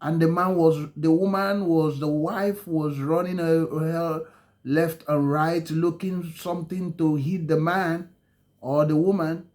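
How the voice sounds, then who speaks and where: Slow, halting male storyteller. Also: fairly high pitch, fairly even intonation, a little mellow. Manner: halting, many ums and self-corrections, slow dramatic phrasing. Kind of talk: spoken storytelling.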